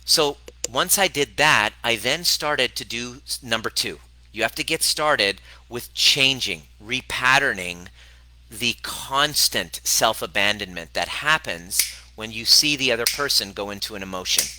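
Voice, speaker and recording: A man's voice: expressive, unhurried, sharp tone, no room sound, low-quality recording. A man in his forties giving a motivational self-help talk as host and coach, speaking bluntly and swearing freely. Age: 40s. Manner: blunt and profane, with emphatic, swooping pitch.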